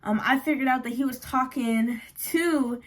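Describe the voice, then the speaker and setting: Animated young woman telling a story. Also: sits high, moderate pace. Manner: animated, slangy, frank and profane. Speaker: vlogger. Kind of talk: casual storytime vlog.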